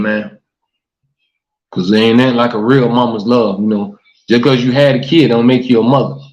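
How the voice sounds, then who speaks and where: A man hosting a casual livestream talk show, reading comments and preaching earnestly to his viewers, often saying "man" and "y'all". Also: medium pitch. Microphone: livestream mic. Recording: echoey room, dull lo-fi stream audio.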